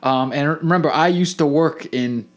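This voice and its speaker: A man's voice: a little high, normal speed. Man ranting casually on a podcast. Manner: rambling, complaining, many restarts. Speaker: podcast co-host. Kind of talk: casual chat.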